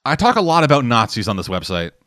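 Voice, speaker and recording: A man talks in loose, rambling chat, piling up fillers and swear words as he goes. His voice sits at an ordinary middle pitch. The sound is dry and close, with almost no room around it. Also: big pitch swings, fast, fairly bright tone, no echo. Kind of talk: casual chat.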